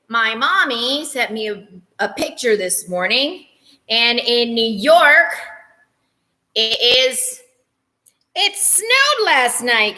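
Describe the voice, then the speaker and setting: A woman's voice: on the high side, pushed and bright, long reverb tail. A woman teacher running a playful morning meeting for children, humming little tunes and teasing herself as she goes. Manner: playful, self-teasing, hums and sings little transition tunes.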